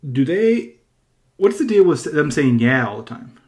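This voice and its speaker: A man from California hosting a casual podcast chat, rambling and animated with lots of fillers and restarts. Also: fairly high pitch, unhurried. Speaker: podcast host.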